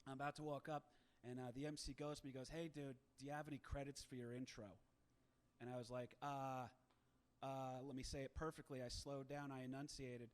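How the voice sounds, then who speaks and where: A man in his thirties telling a self-mocking story in a stand-up set, brash and animated at the punchlines. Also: mid-range voice, fairly quick. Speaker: stand-up comic.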